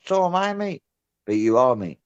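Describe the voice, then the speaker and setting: A rowdy man rambles through a voice-chat conversation, swearing freely and tagging "lad" or "mate" onto almost every phrase. His voice sits at an ordinary middle pitch. The audio is dull and lo-fi, the way voice chat often sounds. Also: big pitch swings, normal speed, crowd noise. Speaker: guest on a voice-chat show.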